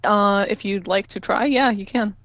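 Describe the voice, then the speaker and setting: A woman's voice: mid-range voice, moderate pace, fairly bright tone, muffled recording. A woman running a tabletop game as game master, narrating loosely with fillers and small laughs.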